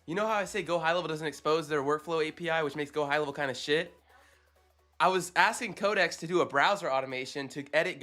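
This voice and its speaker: A man streaming live as he works, excitable and swearing, exclaiming in disbelief between quick technical explanations. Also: on the high side. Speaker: automation agency founder streaming live. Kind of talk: live-stream coding reaction.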